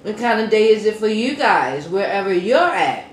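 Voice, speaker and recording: A woman hosting a home eating show, chatting slowly and casually to viewers between bites. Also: mid-range voice. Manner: slow, relaxed, murmuring between bites. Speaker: mukbang eating show host. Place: room at home. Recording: roomy echo, faint background hum.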